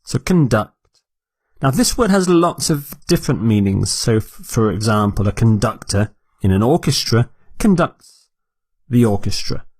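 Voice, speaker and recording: Guy teaching english words real slow, says each one twice, dry close sound. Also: mid-range voice, lively intonation, darkish tone, dry recording. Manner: repeats each word clearly for learners. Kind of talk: slow, deliberate vocabulary lesson.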